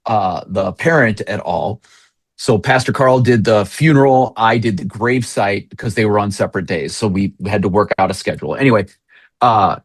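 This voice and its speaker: A man who is a pastor, a guest on an interview, telling lively, joking stories about his church. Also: fairly low pitch, no room sound. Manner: jokey, animated storyteller. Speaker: associate pastor.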